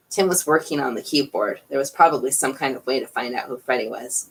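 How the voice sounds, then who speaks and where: A woman reading a novel aloud at an unhurried pace, lifting her voice for the characters. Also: rumbling low, slightly rough, low-quality recording. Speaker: audiobook reader.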